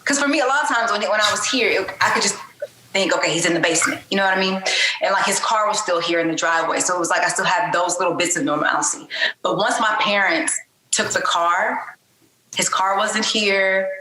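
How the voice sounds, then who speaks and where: A woman's voice: mid-range voice, fairly quick, sharp tone, echoey room, slight background noise, poor audio. A woman speaking as a podcast guest in a candid personal interview, talking openly and conversationally with frequent fillers.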